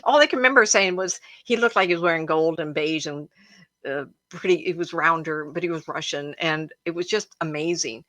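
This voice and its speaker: A cat bounds around the home of a woman hosting a psychic livestream, where she tells casual, chatty, emotional stories and speaks directly to viewers. Her voice is fairly low with a sharp tone and moderate pace, and there's no room sound.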